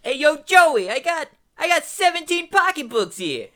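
A woman playing a brash male street thug, talking loud in a tough-guy manner in a comedy improv scene. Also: sits high, very animated, unhurried, full character voice.

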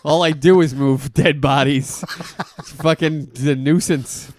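A man's voice: fairly high pitch, steady tone, unhurried, dry recording. A man co-hosting a podcast in casual chat, joking and cursing freely. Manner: joking, profane, laughs often. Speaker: podcast co-host.

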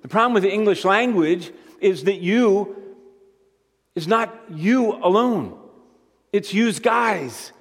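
A man preaching as a guest speaker, moving between quiet conversational asides and emphatic rising points. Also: high-pitched, measured pace. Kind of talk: sermon. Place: church sanctuary. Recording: long hall reverb.

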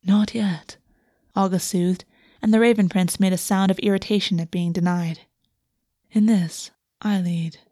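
Woman softly narrating a romance. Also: fairly low pitch, fairly even intonation, moderate pace, no echo, studio quality. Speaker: audiobook narrator. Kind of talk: scripted narration.

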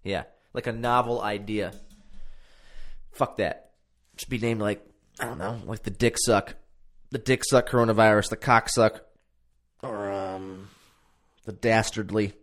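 This solo podcast host talks from his podcast room at home, wandering off topic, cursing openly, and mocking himself. His voice is lowish with a bit of brightness.

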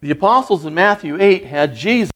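A man's voice: high-pitched, expressive, brisk, a bit bright. Earnest man preaching a sermon. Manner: earnest, conversational preaching with rising emphasis. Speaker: guest preacher.

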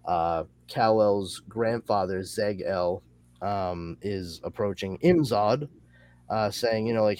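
A male podcast host chatting casually, summarizing a comic in a rambling, animated way with lots of fillers. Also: on the low side, slow pace, no echo. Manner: rambling and animated, with many fillers and excited asides.

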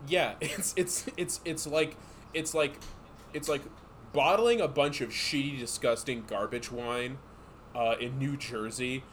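A man's voice: medium pitch, unhurried, a bit bright, a little hiss or hum. A man co-hosting a podcast in casual comedic chat, rambling and joking. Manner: rambling, joking, breaks into laughter. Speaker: podcast co-host.

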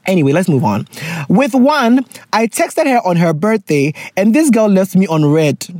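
A woman, hosting and reading out a listener's letter with casual advice, animated and laughing, often slipping into pidgin. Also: medium pitch, normal speed, dry recording, studio quality.

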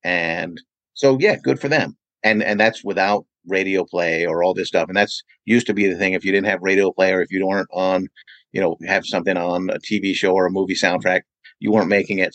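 This California man, an event promoter and radio DJ, is a podcast guest spinning long, rambling anecdotes packed with "you know" as he answers interview questions. His voice sits low and a bit bright, and the audio is poor with no room sound.

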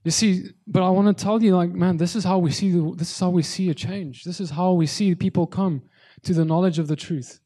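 A man delivers a conversational sermon, earnest and searching, often stopping and restarting his sentences. His voice sits a little high for a man, yet it sounds mellow and warm rather than bright. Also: fairly even intonation, fairly quick, few pauses. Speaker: preacher.

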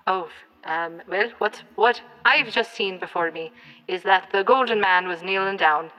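Woman, game player, wry, hesitant, bright tone, phone mic, long reverb. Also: medium pitch, measured pace, dull audio. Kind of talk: describing scenes in a tabletop game.

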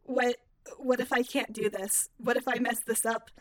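A woman's voice: fairly high pitch, little pitch movement, normal speed, close to an everyday voice. A woman playing an anxious, earnest young hacker who worries aloud. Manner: nervous, breathless worrying.

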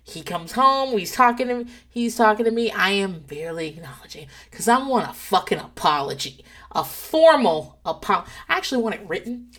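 A married woman hosting a casual talk show, gossiping in an animated, profane way and breaking into laughs as she tells stories. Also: medium pitch, moderate pace. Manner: animated, profane storytelling with laughs and acted-out quotes. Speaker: podcast host.

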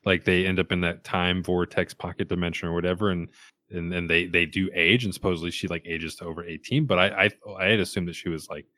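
A man's voice: deep voice, steady tone, quick pace, sharp tone. A man co-hosting a casual book podcast, thoughtful and talking through ideas with restarts. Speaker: podcast co-host discussing a book. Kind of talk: casual chat.

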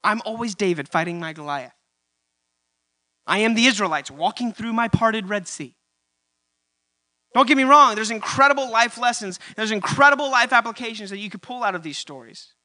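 A man preaching in church, his voice high and bright, repeating key lines and climbing to loud, emphatic peaks. A faint mains hum sits under the recording. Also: moderate pace. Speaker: pastor. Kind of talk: sermon.

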